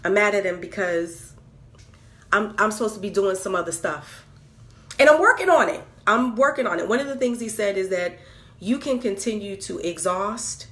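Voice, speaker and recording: A woman's voice: medium pitch, normal speed, fairly bright tone. A woman venting candidly on camera, exasperated and repeating herself with stammered restarts. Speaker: vlogger.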